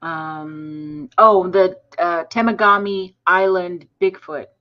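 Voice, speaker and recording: Brisk woman on a dull, lo-fi line. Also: on the low side. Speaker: podcast co-host. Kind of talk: casual podcast chat.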